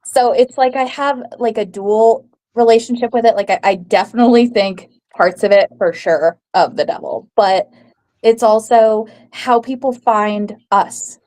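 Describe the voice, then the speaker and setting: A woman's voice: fairly high pitch, measured pace, darkish tone. A young woman co-hosting a podcast, chatting casually with many fillers and acting out what others say. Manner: chatty, many "like"s, acts out quotes. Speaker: podcast co-host, folklorist. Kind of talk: casual chat.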